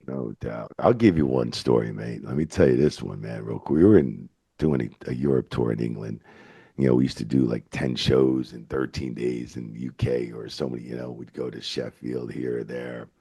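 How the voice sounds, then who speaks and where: Super deep gravelly guy in his 50s, husky, swears a lot, excited storyteller in a chat interview. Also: moderate pace. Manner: animated, swearing, rambling anecdotes. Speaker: veteran wrestling referee, guest.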